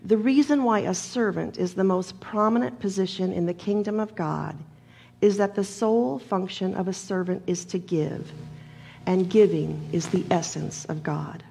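A woman preacher delivering a sermon in a measured, emphatic manner, leaning on repeated phrases and a gravelly voice. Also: mid-range voice, mellow, slight background noise.

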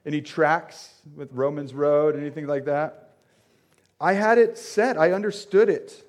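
A man's voice: a little high, measured pace. A young man giving a conversational sermon as a pastor, joking with the congregation and using lots of fillers. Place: church sanctuary.

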